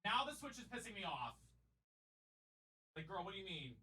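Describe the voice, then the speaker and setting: A man's voice: sits high, big pitch swings, moderate pace, bright, forceful tone, husky, dry recording. A man streaming live from a room at home, chatting casually and ranting in exasperation to his viewers. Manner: chatty, exasperated rants to chat. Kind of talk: casual chat while gaming.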